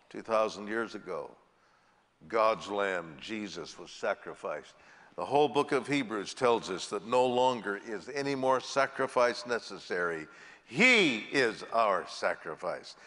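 A man's voice: mid-range voice, a little slow, fairly bright tone, big-room sound. A male pastor preaching a sermon in a jovial way, stretching out key words for emphasis. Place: church sanctuary.

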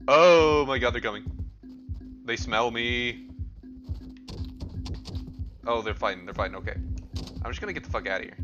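A young man giving casual, excitable gameplay commentary, swearing and yelping in panic as he plays. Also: mid-range voice, normal speed, long pauses. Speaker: gameplay streamer. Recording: dull lo-fi audio with game music. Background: game music.

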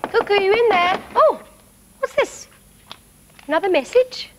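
A woman presenting a children's television programme, reciting tongue twisters in an animated, sing-song way. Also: extremely high pitch, measured pace, slight background noise.

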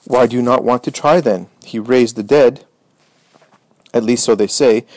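A man's voice: medium pitch, normal speed, darkish tone, no room sound, natural voice. Man reading as an oily, insinuating false friend.

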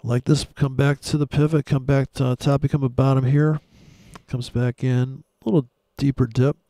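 Gravelly laid-back trader talking charts. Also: male voice, mid-range voice, little pitch movement, normal speed, warm tone, dry recording, clean studio sound. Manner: crude, sarcastic, mocking. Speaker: forex trader. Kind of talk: casual trading commentary over live chart.

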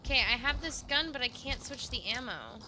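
A woman's voice: high-pitched, expressive, fairly quick, noisy background. A young woman streaming a horror game, chatting casually with her chat and swearing freely. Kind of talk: casual live gameplay commentary.

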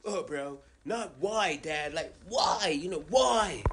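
A man's voice: fairly high pitch, lively intonation, takes it slowly, background noise. A man voicing a laid-back young stoner son who drawls in slang. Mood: mellow. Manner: drawling slangy "bro" talk.

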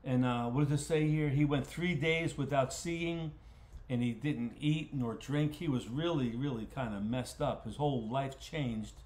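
A man's voice: medium pitch, measured pace, a little mellow. A man leading a casual Bible study as its pastor, talking in a folksy way and often repeating words while he thinks aloud. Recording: roomy echo.

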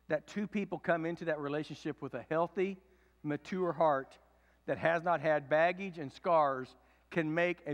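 A man in his fifties preaching a sermon, swinging from loud emphatic preaching to low confiding tones. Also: big-room sound. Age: 50s. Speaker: pastor. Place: church sanctuary.

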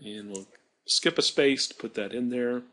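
A man teaching math, talking through a screen-recorded software demonstration and correcting his slips aloud as he works. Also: medium pitch, moderate pace. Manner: thinking aloud while working, self-correcting.

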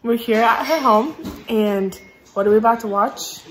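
A young woman vlogging while out on city streets, talking in a bubbly, gushing way with drawn-out exclamations. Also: fairly high pitch. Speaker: travel vlogger. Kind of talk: casual vlog chat. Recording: noisy outdoor street recording.

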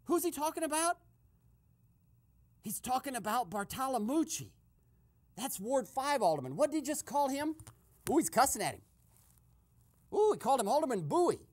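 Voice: high voice, very animated, normal speed, pauses often, darkish tone. A performer playing a nosy male eavesdropper in a comic radio sketch, giving breathless running commentary and shushing constantly.

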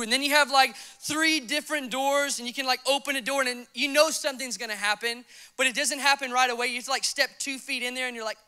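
A young man preaching a sermon, mixing scripture reading with an animated, laughing personal story. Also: extremely high pitch, quick pace, clean tone. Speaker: pastor.

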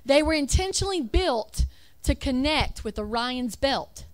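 With a high, animated voice and a measured pace, this woman gives a religious talk over slides, speaking emphatically. She reads out lists, puts rhetorical questions to the audience, and corrects herself.

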